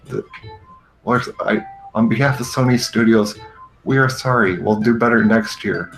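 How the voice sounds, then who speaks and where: A man's voice: lowish voice, normal speed, gravelly, faint music behind, low-quality recording. A man hosting a comedy show, ranting sarcastically and with exasperation. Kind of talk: comedic rant over a game show stream.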